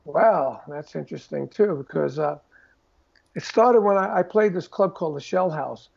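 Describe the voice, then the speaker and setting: Gravelly New man telling stories. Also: on the high side, normal speed, lo-fi sound. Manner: animated storyteller who acts out quoted voices. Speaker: guest drummer telling stories. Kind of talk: casual storytelling interview.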